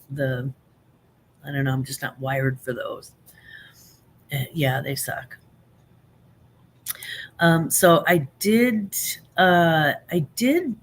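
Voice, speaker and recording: With a voice on the low side and slight background noise, a woman in her fifties hosts a live stream. She rambles casually, full of fillers and restarts, and frequently laughs between comments.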